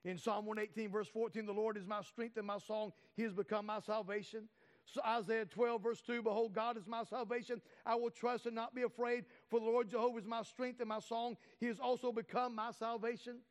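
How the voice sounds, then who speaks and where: High-voiced preacher in a reverberant hall. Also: male voice, flat delivery. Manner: emphatic preaching with drawn-out, stressed words. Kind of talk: sermon. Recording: long reverb of a large hall.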